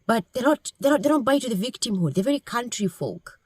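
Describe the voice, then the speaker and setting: A woman's voice: fairly high pitch, lively intonation, fast, darkish tone, slightly rough, no echo. A woman from Kenya, giving blunt, scolding political commentary straight to camera.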